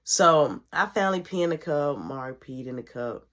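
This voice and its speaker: A woman vlogger narrating a personal story in an animated way, swinging between loud and hushed. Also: low-pitched, moderate pace.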